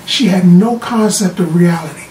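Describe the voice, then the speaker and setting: A TV show reviewer giving a casual, animated episode recap, often repeating words as they restart sentences. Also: medium pitch, normal speed. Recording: roomy sound from a distant mic with faint background noise.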